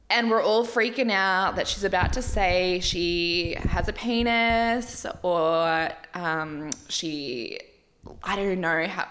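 A woman's voice: mid-range voice, a bit bright. A woman with an Australian accent hosting a reality TV recap in casual chat, gushing, swearing freely and giggling often.

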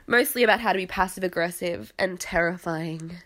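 A woman's voice: lowish voice, a little fast, a bit bright. A young Australian woman recapping a reality show in casual, rambling chat, sniffly and self-deprecating, with her voice tiring. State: sniffly, voice failing.

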